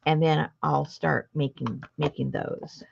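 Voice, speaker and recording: Crafting-show host, woman, low gravelly voice, rambling chat, lo-fi sound. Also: steady tone, slow pace, a little hiss or hum. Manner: rambling, chatty, self-interrupting. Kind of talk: casual chat while crafting.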